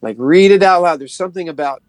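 A middle-aged man, a pastor and worship leader, giving casual, upbeat advice in conversation and slowing down when he reads scripture. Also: on the high side, no echo.

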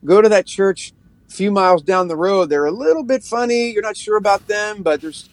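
A middle-aged pastor talks in a relaxed, upbeat way, his voice sitting a little high for a man. He slows right down whenever he reads scripture aloud. The sound is close and dry, with no room echo. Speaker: pastor and worship leader. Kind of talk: casual podcast advice.

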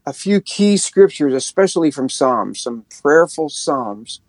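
A middle-aged man, a pastor and worship leader, giving casual, upbeat advice in conversation and slowing down when he reads scripture. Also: a little high, very animated, no echo.

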